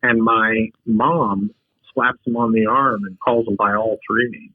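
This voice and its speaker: A low-voiced man with a husky edge tells humorous stories at an unhurried pace. The sound is dry and tinny, like a phone line, with no room around it. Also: steady tone. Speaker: podcast guest. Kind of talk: casual storytelling.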